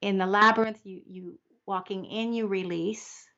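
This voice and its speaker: An older woman talks slowly and reflectively, often starting a thought over before she finishes it. Her voice has a gravelly fry to it. The sound is dull and lo-fi, like audio from a video call. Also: mid-range voice, fairly even intonation. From Canada. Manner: reflective, halting, often restarts and laughs softly. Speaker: guest. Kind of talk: heartfelt conversational interview.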